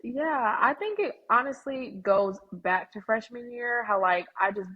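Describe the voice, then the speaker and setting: Husky young woman telling stories. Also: on the high side, animated, a little slow, lo-fi sound. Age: 20s. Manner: candid storytelling, frequent "like". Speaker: guest, graduating student. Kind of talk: casual interview.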